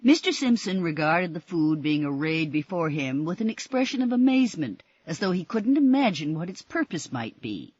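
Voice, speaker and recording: A woman reading an audiobook in expressive, measured scripted narration. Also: lowish voice, husky, dry recording, dull audio.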